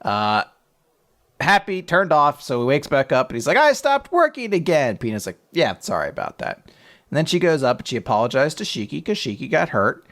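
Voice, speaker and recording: Lively man doing voices mid-recap. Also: medium pitch. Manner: animated, swears freely, acts out quick silly character voices. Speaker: podcast co-host recapping manga. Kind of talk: casual chat.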